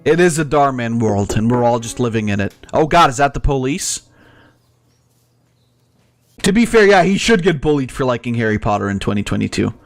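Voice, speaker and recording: A male streamer ranting through reaction commentary, swearing freely and breaking into laughter. His pitch swings widely, and the sound is dry with no room echo. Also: expressive, a little fast, soft background music. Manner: profane, ranting, laughs often.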